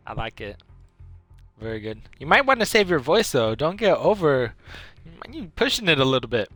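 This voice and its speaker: A man streaming a game live, chatting casually and reacting excitedly and jokingly to the other players. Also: a little high, normal speed, faint music behind. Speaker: gaming streamer.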